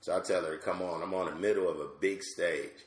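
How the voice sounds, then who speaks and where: A middle-aged male comedian telling animated, slangy stories as a podcast guest. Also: low voice, fast talker. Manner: animated, slangy, lots of asides. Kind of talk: comic storytelling on a podcast. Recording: roomy echo.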